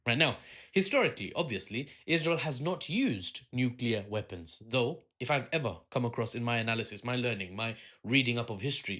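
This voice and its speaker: A man hosting a solo commentary video at an ordinary, mid-range male pitch. He talks in a sardonic, rambling way, breaking off for asides and filling gaps with ums. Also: sing-song, brisk, a bit bright. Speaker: political commentary host.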